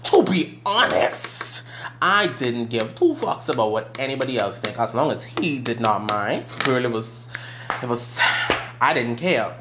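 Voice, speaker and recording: A young man vlogging a story time, his voice swooping high and low as he tells it. He swears freely and talks in a loose, animated way, with a faint hum behind him. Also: a little slow. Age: young adult.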